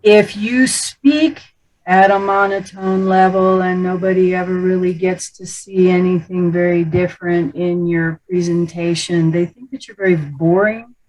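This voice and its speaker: A middle-aged woman teaches about the speaking voice as a voice coach, with a voice sitting a little low for a woman. She talks in an animated, playful way. Now and then she slips into quick demonstration voices. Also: poor audio.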